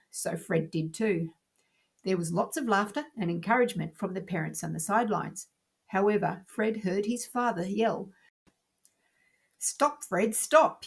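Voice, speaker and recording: A woman teacher calmly narrating a scripted lesson in a measured, explanatory way. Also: medium pitch, creaky, breathy edge.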